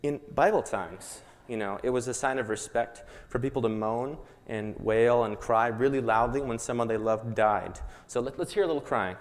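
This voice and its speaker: A man leading a children's Bible lesson, playful and animated, coaxing the audience to join in. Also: medium pitch, moderate pace, few pauses, slight background noise. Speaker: children's Bible program leader. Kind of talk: lively kids' Bible lesson with skit. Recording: echoey hall.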